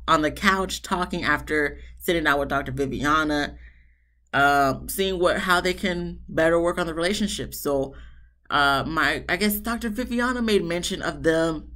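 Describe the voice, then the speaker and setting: A woman with a somewhat low voice recaps a reality show in a loose, casual way. She is blunt and profane, and she gets exasperated with the couples she describes. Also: a bit bright. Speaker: reality TV reviewer.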